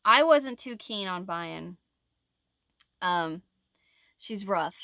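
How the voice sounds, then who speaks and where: A woman's voice: lowish voice, lively intonation, drawn-out words, sharp tone, no room sound, clean studio sound. A woman chatting casually to camera as a crochet vlogger, rambling and laughing easily. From United States. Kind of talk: casual chat.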